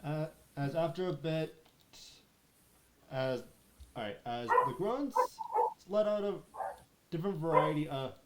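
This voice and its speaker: A male game master narrating a tabletop role-play session at a slow, deliberate pace. His voice sits a little high for a man, and he often stops to restart his sentences. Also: expressive, very noisy. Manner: halting, restarts phrases while narrating.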